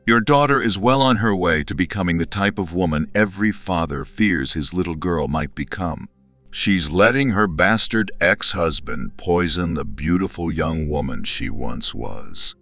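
A man's voice: low voice, expressive, moderate pace, a bit bright, no echo. A man narrating a first-person story in a cold, sarcastic manner.

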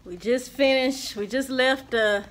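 A woman's voice: sits high, measured pace, a bit bright. A woman co-hosting a road-trip vlog from the car, with easygoing, laid-back banter. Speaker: vlog co-host. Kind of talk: casual road-trip vlogging.

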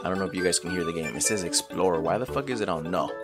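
A man's voice: low voice, rapid-fire, loud music behind the voice. A man streaming a game, chatting loosely and profanely and greeting viewers by name from a room at home. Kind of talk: casual chat while gaming.

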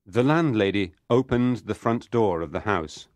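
A man narrating a story in the first person for English learners, reading slowly and clearly. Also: on the low side, animated, dry recording. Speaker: audiobook narrator.

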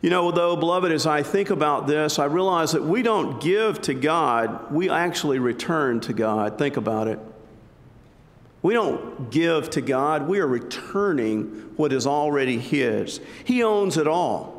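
Male pastor, sermon, conversational with jokes; slightly high voice, reverberant sanctuary. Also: expressive, unhurried. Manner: conversational, joking storytelling. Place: church sanctuary. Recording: long church reverb.

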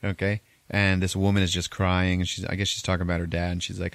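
Deep-voiced man rambling through a movie recap. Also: level tone, fast, creaky, a bit bright, smooth, no room sound. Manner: profane, rambling retelling with acted-out quotes. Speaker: podcast host recapping a film. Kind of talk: casual movie recap chat.

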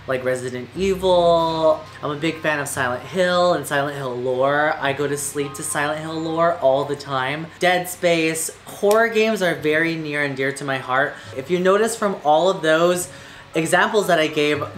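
Female let's-play host, lower voice, jumpy and foul-mouthed, roomy echo with game music. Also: normal speed, slight background noise. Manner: jumpy, screams, crude jokes. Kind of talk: casual gaming commentary. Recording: echoey room with game music.

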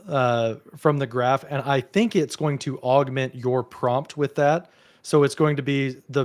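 Man, casual tech chat, hedging, mid-pitched voice. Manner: thinks aloud, hedging with fillers and restarts. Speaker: co-host of a tech discussion.

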